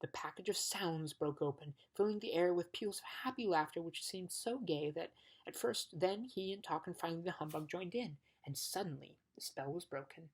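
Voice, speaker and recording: A woman narrates a storybook aloud in a low, husky voice. Now and then she trips over a word and starts it again. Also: moderate pace, poor audio. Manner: occasional stumbles and restarts. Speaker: audiobook reader.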